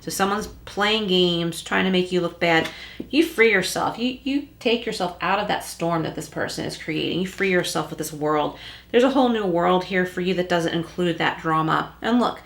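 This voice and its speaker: A woman's voice: on the low side, creaky. Woman reading tarot in an echoey room. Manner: reassuring, addresses the listener directly. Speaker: tarot reader. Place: room at home with a closed door.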